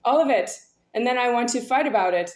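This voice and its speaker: A woman with a fairly high voice rambles through a personal monologue, halting over fillers and restarting her sentences. Her talk is intense and aggrieved. The recording is roomy and echoey. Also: expressive, darkish tone. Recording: echoey room.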